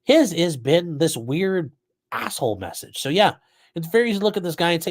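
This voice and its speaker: A man's voice: on the high side, big pitch swings, fairly quick. Blunt, profane male livestream host. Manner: blunt and profane, chatty asides. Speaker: livestream host commenting on a trial. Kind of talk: casual live commentary, reading chat.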